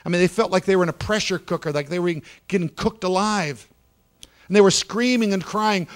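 A man's voice: sits high, fairly quick. Dramatic male preacher telling a story. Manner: dramatic, swings from loud to hushed. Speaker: pastor. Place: church sanctuary.

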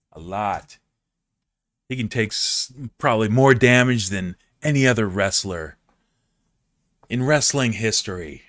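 A man's voice: fairly low pitch, a bit bright, no room sound, clean studio sound. A man streaming a wrestling game, playing a theatrical announcer who talks to viewers as folks and acts emotional. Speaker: gameplay streamer. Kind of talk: mock wrestling announcer commentary over gameplay.

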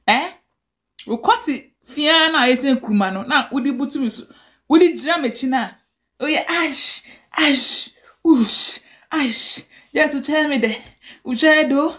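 A Ghanaian woman with a Ghanaian accent, ranting angrily and scolding in a direct-to-camera video. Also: sits high. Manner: angry, scolding rant mixing languages.

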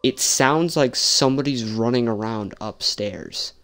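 A man's voice: mid-range voice, a little slow, a bit bright. A young man casually commenting on a horror game he is playing, sarcastic and jumpy, swearing often. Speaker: gameplay streamer.

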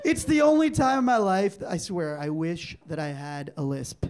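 A man's voice: sits high, moderate pace. A man in his forties doing a stand-up comedy set on a club stage, telling stories and acting out the exchanges in them. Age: 40s. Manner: animated storytelling, acting out quoted exchanges. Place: comedy club stage before a live audience.

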